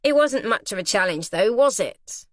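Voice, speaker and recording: A woman's voice: mid-range voice, expressive, moderate pace, no room sound, clean studio sound, close to an everyday voice. A woman reading an audiobook, voicing a playful teenage boy who keeps pressing and teasing. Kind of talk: audiobook character voice.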